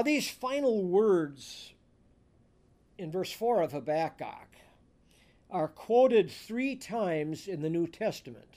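Male pastor, higher voice, measured and emphatic sermon delivery. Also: a little mellow. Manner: slow, deliberate preaching with emphatic scripture reading.

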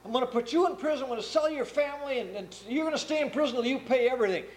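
A man voicing a powerful king in a parable he retells in a sermon, speaking in a booming, demanding way. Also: animated, moderate pace, echoey room, poor audio.

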